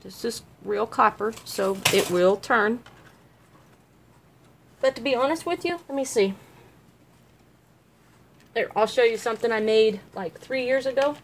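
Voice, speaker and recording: Her voice is fairly high and a little slow, broken by long pauses, with a faint hiss or hum on the recording. She's crafting jewelry at home and chatting casually with livestream viewers, laughing easily, calling them by name and answering questions as a dog barks.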